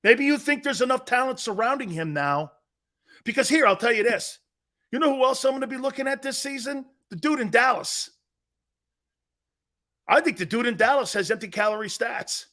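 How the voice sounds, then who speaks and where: A man's voice: very high voice, lively intonation, moderate pace, pushed and bright. A man hosting a live sports talk show, brash and trash-talking, reading out listener comments and laughing often.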